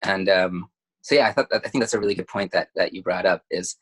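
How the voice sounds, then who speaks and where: A man in a casual spiritual chat, earnest and halting, piling up fillers. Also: low-pitched, a bit bright, breathy edge.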